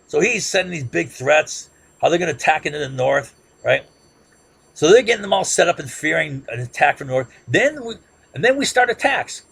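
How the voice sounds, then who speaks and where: A man's voice: medium pitch, creaky, a bit bright, breathy edge. A man giving an impassioned, informal history lecture, emphatic and rambling, who keeps asking "right?". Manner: rambling with frequent restarts and filler. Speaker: political commentator.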